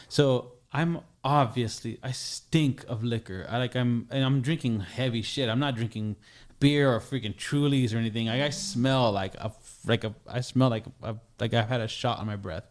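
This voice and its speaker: Casting: young adult man, podcast guest, mid-pitch voice, loose storyteller who keeps circling back with fillers. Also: normal speed. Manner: rambling, heavy on "like" and restarts. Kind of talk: casual storytelling.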